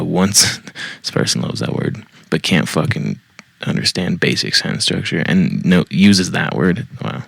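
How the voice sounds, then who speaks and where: Male podcast host, very low voice, reads posts aloud with blunt profane commentary. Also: vocal fry, fairly bright tone, no room sound. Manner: blunt and profane, mocking asides. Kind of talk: reading a post aloud with commentary.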